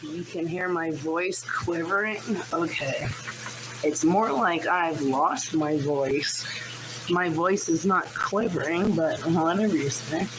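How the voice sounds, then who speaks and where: A woman's voice: low voice, slow. A woman talking on a livestream, snappy, profane and insulting. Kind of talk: casual livestream talk. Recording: noisy livestream clip audio.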